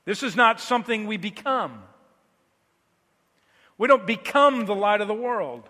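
A man preaching a sermon, moving between quiet, low passages and loud, emphatic declarations. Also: animated, unhurried, pauses often, in a large hall.

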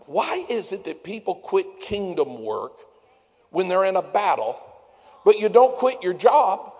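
A man's voice: sits high, sing-song, a little slow, a little mellow, husky. A man preaching a sermon as pastor, folksy and down-home, building to fervent preaching. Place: church sanctuary. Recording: long hall reverb.

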